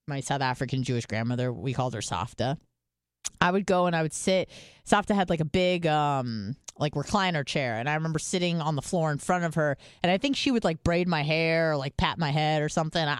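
A woman rambling through a casual podcast story, her voice smooth and resonant. She fills her talk with loose asides, recorded close and dry. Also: low-pitched, no echo. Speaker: podcast co-host. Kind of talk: casual chat.

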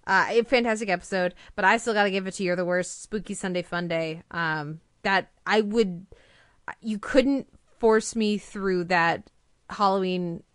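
A young woman co-hosts a casual TV review podcast with an enthusiastic, rambling delivery full of fillers and restarts. Her voice is smooth and clear. The recording is dry and close. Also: mid-range voice, measured pace, fairly bright tone, no room sound.

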